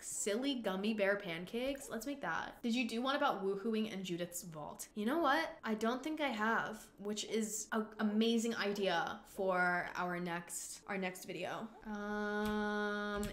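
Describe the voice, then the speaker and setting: Excitable young woman, bright echoey voice. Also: mid-range voice, a little slow, few pauses. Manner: excitable, gasping, exclaiming, swearing at the game. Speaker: gaming channel host. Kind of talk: casual let's-play commentary. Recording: echoey room.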